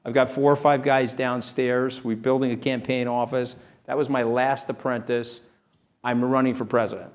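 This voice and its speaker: A man's voice: mid-range voice, flat delivery, moderate pace, lightly acted. A man putting on a blunt, boastful older male tycoon in an interview. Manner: blunt, self-assured, repetitive boasting.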